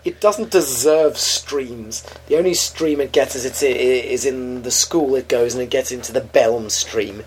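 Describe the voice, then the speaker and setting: A man trading teasing, deadpan remarks as a podcast co-host, at a mid pitch. A faint background hum sits under his voice. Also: a little slow, hardly any pauses, rough recording. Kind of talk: casual chat.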